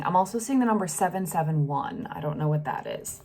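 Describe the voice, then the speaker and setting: A woman's voice: fairly low pitch, lively intonation, a little fast, a little mellow, breathy edge. A woman giving a casual, emotional tarot reading, acting out what she senses with sighs and broken-off sentences. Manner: emotional, acts out the feelings she reads, sighs and trails off. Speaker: tarot reader.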